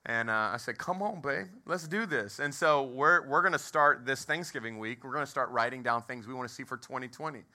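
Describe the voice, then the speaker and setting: Bright-voiced pastor preaching. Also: male voice, mid-range voice, fairly quick, few pauses. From Texas. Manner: energetic, storytelling, asks the crowd questions. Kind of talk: sermon with humorous story. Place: movie theater used as a church.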